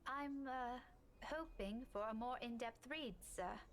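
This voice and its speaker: A woman's voice: a little high, a little slow, slight background noise, natural voice. An actress voicing a polite, hesitant young woman.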